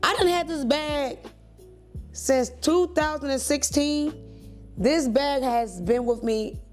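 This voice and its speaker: A woman in her thirties, a church and wedding photographer, chatting to camera at home in a lively, rambling way. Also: high voice, takes it slowly, soft background music. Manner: chatty, animated, digressive. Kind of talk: casual talk to camera.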